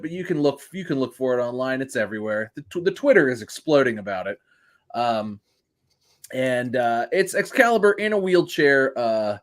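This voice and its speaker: Lively, joking podcast co-host man. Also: on the high side. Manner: jokey, laughs often, chatty. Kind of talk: casual chat.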